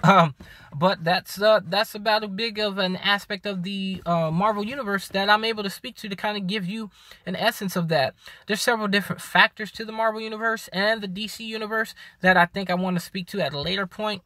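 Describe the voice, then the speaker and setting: A man talking casually to camera, rambling and restarting, tired and hiccuping after a workout. His voice is bright and a little higher than most men's. The recording is dry and close. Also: steady tone, fairly quick, no room sound. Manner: rambling, with many ums and restarts. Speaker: video host.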